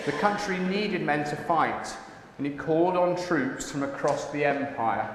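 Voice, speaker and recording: An English man narrating a community stage musical in a measured storytelling way. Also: fairly high pitch. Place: large echoey hall stage. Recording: echoey hall from far off, noisy.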